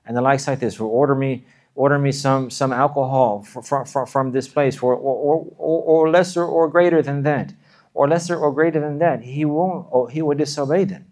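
A man preaching an earnest sermon at a brisk pace. He repeats himself often, restarts words, and breaks into rapid chanted recitation. His pitch sits in an ordinary middle range for a man. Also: steady tone, a little mellow. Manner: earnest, repetitive, many restarts, recites verses in quick chant. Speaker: Islamic preacher.

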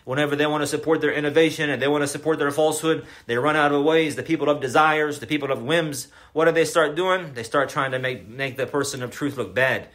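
Bright-voiced man giving an emphatic lecture. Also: on the high side, fast talker, hardly any pauses. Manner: emphatic, repetitive, asks the audience questions. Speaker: Islamic lecturer. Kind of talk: religious lecture.

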